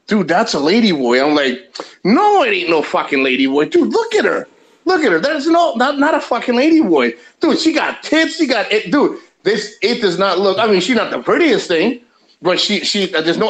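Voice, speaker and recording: Male vlogger, slightly high voice, rambling animated storyteller who swears freely. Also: low-quality recording. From USA. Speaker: vlogger telling a travel story. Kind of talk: casual storytelling.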